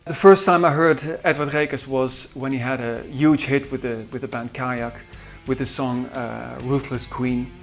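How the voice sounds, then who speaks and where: A man's voice: medium pitch, steady tone, unhurried, few pauses. A man with a Dutch accent, a composer recalling his singers in an interview, hesitant with many fillers and restarts. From Netherlands. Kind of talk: interview reminiscence. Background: faint guitar music.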